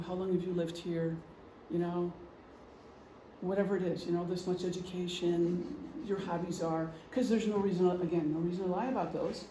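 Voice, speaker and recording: His voice is high-pitched and mellow as he gives an informal presentation to a group in a meeting room. The middle-aged man talks conversationally, with examples and frequent ums, in an echoey space with a faint hum.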